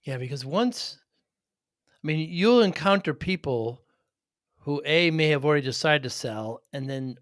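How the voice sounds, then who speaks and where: A man's voice: a little high, expressive, unhurried, no room sound, clean studio sound. A man hosting a podcast interview, asking questions in a conversational way and humming along as he listens. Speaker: podcast host.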